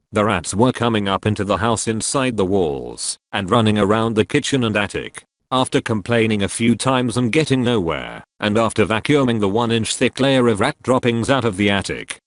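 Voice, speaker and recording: Guy reading stories out loud, kinda low voice, steady, dry close mic. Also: no room sound. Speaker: narrator. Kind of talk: scripted narration of online stories.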